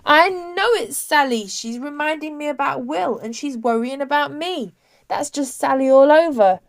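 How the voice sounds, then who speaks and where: A woman's voice: on the high side, moderate pace, dark tone, no echo, clean studio sound, pitched above the performer's own voice, close to an everyday voice. A woman reading aloud, voicing an earnest, emotional girl who pleads fervently with a ghost in a raised voice.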